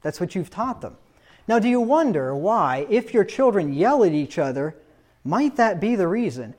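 A man's voice: high-pitched, big pitch swings, moderate pace, a little mellow. A man preaching a sermon on child discipline, talking emphatically with frequent rhetorical questions and repeated points.

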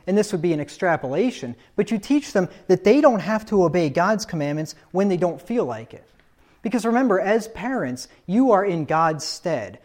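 A man's voice: high voice, darkish tone. A man preaching a sermon on child discipline, talking emphatically with frequent rhetorical questions and repeated points.

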